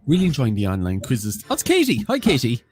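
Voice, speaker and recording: Male quiz co-host, animated pitch, friendly shout-outs to viewers. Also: brisk, faint music behind. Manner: chatty, greeting viewers by name. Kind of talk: casual banter on a livestream.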